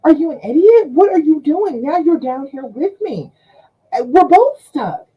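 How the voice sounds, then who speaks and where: A stuck woman yells up in high, loud disbelief, as a woman acts her out in a story. Her husky voice leaps about, on dull lo-fi stream audio. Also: animated, a little slow, full character voice. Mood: exasperated. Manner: loud, incredulous scolding. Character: exasperated woman stuck in a hole.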